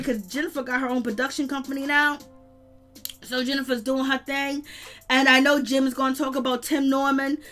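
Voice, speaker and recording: A woman with a high, bright voice hosts a casual recap of a reality show. She retells each scene with energy and cheers loudly at the drama. Her speech carries a relaxed, street-flavored manner.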